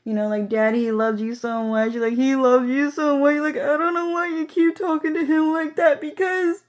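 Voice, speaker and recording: A woman doing a pleading mother who wails high above her usual voice, sobbing through each line with a thin, strained tone. The plea rises and breaks as it goes. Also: fairly even intonation, moderate pace, natural voice. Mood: tearful, pleading. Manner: rising wailing sobbing plea. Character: tearful pleading mother scolding her grown daughter.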